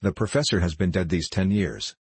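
A man reading the lines of a grieving widow in slow, weighty phrases with a husky voice. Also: low voice, a little mellow, no echo, heavily acted. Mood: furious. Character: grieving widow, indignant and stiff.

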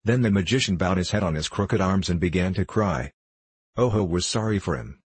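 Low, husky male storyteller. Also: lively intonation, brisk, no echo. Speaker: audiobook narrator. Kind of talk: storybook narration.

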